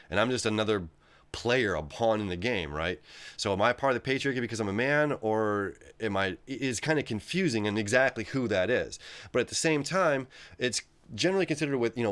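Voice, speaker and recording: A man's voice: lowish voice, a bit bright, clean tone. A man talking casually on his own, rambling and conversational, often checking in with "right?" as he goes. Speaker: astrology video host. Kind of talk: casual solo monologue.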